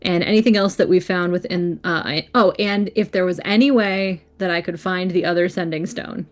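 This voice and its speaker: A woman's voice: fairly low pitch, steady tone, normal speed, soft background music. A woman playing a tabletop game, speaking hesitantly as she thinks aloud. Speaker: player. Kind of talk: casual tabletop play.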